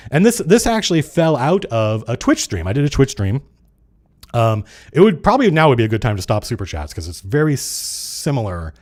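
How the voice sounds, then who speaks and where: A middle-aged man hosting a casual livestream chat, talking fast and acting out the people he quotes, with some swearing. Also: mid-range voice. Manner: animated, swearing, acts out quoted players. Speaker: streamer and game designer hosting a live chat.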